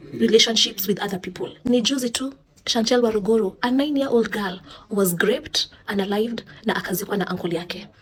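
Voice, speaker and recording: A woman with a Kenyan accent giving a sarcastic, indignant opinion monologue, switching between English and Swahili. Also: fairly high pitch. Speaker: social commentator.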